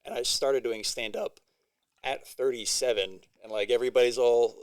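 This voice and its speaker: A middle-aged man, a comedian and former Marine, giving measured answers in casual chat. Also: mid-range voice, steady tone, clean tone, no echo.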